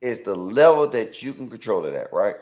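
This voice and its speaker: A man's voice: lowish voice, fairly quick. A man from Atlanta co-hosting a call-in talk show, debating with pointed questions and stammered restarts. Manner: animated, asks pointed questions, repeats "right?". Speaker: co-host.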